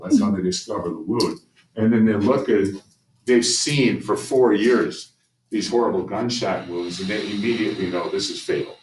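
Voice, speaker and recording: A man teaching a history class, telling the story conversationally with frequent restarts. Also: lowish voice. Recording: roomy, distant mic with faint ambient noise.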